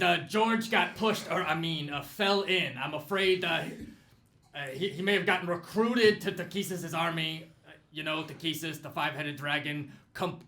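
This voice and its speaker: A man's voice: a little high, bright, forceful tone. A man voicing a flustered company employee who rambles and backpedals nervously while reading an apologetic email aloud.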